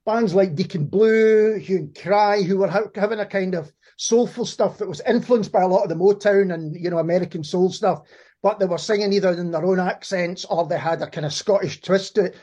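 A man's voice: sits high, a little fast, mellow, muffled recording. A man hosting a casual interview in an easygoing way, often stumbling over the first words of a phrase. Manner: easygoing, stammers at the start of phrases. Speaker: interview host.

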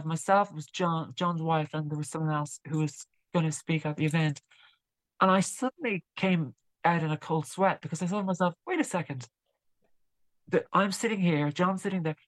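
In a low-quality recording with no echo, a female guest musician speaks in a lowish voice during an interview. She chats casually, stumbling a bit and repeating words as her story unfolds.

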